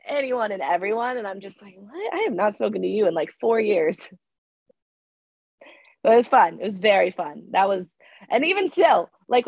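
A young woman co-hosting a podcast in casual chat, telling stories excitedly with a slightly hoarse voice that keeps cracking because she is sick. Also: medium pitch, no room sound, poor audio. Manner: excitable storyteller, gushing and animated. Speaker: podcast co-host.

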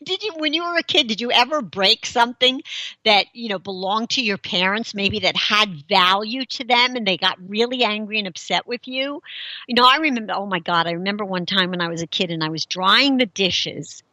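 A woman's voice: medium pitch, a little fast, pushed and bright, no echo. A middle-aged woman hosting a talk show, chatting casually, laughing often and explaining with everyday examples. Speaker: host.

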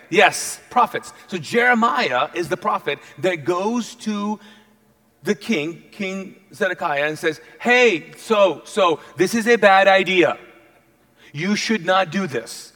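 A male pastor delivering a sermon, telling an old story with lively, playful energy and quick asides to the crowd. His voice sits high for a man.

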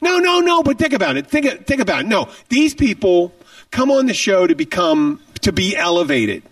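A man's voice: sits high, very animated, normal speed, fairly bright tone, no room sound, clean studio sound, recorded from a distance. A man hosting a podcast, talking animatedly and profanely as he jumps between tangents. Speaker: podcast host. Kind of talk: casual podcast chat.

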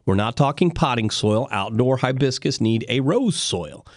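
A man's voice: mid-range voice, expressive, normal speed, no echo. Casting note: man, radio garden-show host, folksy and chatty, dry close-mic studio sound. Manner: folksy, chatty, laughs easily. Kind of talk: casual call-in radio talk. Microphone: studio microphone.

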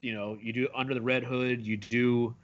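A man co-hosting a casual podcast chat, opinionated and profane, telling stories with animated asides. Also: mid-range voice, normal speed, dull audio, slight background noise. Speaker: podcast co-host.

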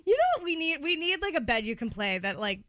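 A woman's voice: sits high, very animated, fast talker, very noisy. A woman co-hosting a morning radio show, wry and giggling as she chats with the hosts. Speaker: radio co-host. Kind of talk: casual on-air banter.

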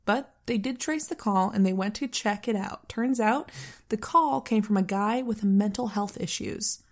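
A woman's voice: mid-range voice, moderate pace. Woman narrating a true-crime case. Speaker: podcast co-host. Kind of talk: casual true-crime storytelling.

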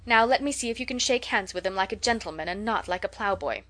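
A fussy society matron who scolds and corrects in a prim, nagging way, read by a woman. Her pitch sits in an ordinary middle range, and she is an audiobook figure. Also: animated, fast, a bit bright, close to an everyday voice. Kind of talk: audiobook character reading.

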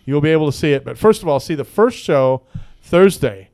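A man with a fairly high, smooth, clear voice hosts a local radio talk show from the studio. He talks in a rambling, joking way, full of fillers and asides. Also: lively intonation, brisk, darkish tone. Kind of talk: casual radio chat.

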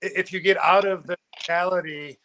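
A man's voice: sits high, steady tone, moderate pace, pushed and bright, slight background noise. A man of about fifty chatting as a podcast guest, rambling with many fillers and restarts. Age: 50s. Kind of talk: casual podcast chat.

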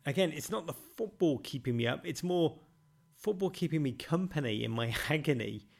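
A man's voice: fairly high pitch, lively intonation, normal speed, vocal fry. A man hosting a football podcast, answering listener questions with dry, self-mocking humour and theatrical flourishes. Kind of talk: wry, theatrical monologue.

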